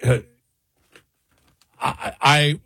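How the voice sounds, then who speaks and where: A man's voice: on the high side, level tone, drawn-out words, gravelly, sharp tone, no room sound. A man hosting a talk radio show, reading out news and mocking it with sarcastic exclamations. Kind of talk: opinionated talk radio commentary.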